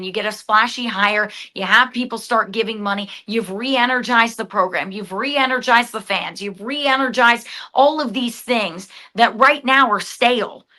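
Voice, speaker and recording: A woman with a Southern accent, co-hosting a casual sports talk show, emphatic and quick to restart her sentences. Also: on the high side, bright, forceful tone. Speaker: podcast co-host.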